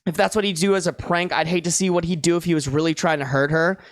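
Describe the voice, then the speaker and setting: Streamer reading posts out loud, keeps stopping to go "bro, what?", casual slangy talk, mid pitch. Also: steady tone, quick pace, no room sound, studio quality. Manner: exasperated, incredulous reactions between read passages; slangy and casual, calls listeners bro and dude. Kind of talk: reading online posts aloud with live commentary.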